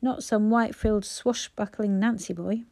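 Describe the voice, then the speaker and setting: A woman voicing a grumpy one-eyed old man who talks gruffly and bluntly. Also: mid-range voice, fairly even intonation, moderate pace, dark tone, no room sound, lightly acted. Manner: gruff, curt.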